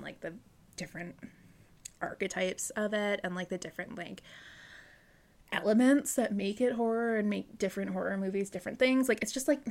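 Young woman co-host, casual and chatty, mid-pitch, lots of filler. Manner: animated, heavy use of "like", acts out quotes. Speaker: podcast co-host. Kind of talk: casual chat.

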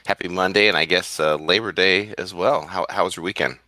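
A man's voice: sits low, fairly quick, sharp tone, no room sound. A man co-hosting a casual talk show, speaking hesitantly with many fillers and restarts. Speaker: co-host.

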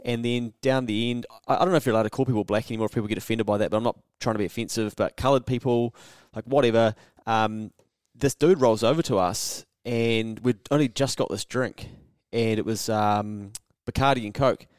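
A young man with a New Zealand accent spins casual stories in an animated, swearing way, putting on the voices of people he quotes. His voice sits at a middle pitch, and the recording is close and dry, with no room sound. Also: a little fast, hardly any pauses, clear, resonant tone, dry recording. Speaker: podcast co-host. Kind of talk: casual storytelling chat.

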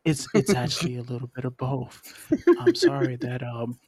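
A man's voice: mid-range voice, wildly swooping pitch, a little fast, darkish tone, breathy edge. A man hosting a podcast, chatting casually with a rambling, stammering manner full of restarts. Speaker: podcast host. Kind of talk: casual chat.

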